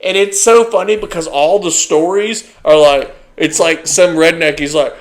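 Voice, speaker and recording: A man's voice: sits high, normal speed, few pauses. A man co-hosting a casual podcast, mocking a TV show and acting out its people. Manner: animated, mocking, acts out quotes. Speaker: podcast co-host. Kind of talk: casual chat.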